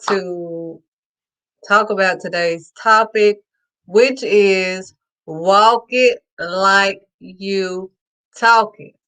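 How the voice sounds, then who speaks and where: A woman hosting her own faith talk show, excitedly preaching to her viewers and calling them sweetheart. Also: medium pitch, extremely slow, clear, resonant tone. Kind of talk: casual preaching to camera.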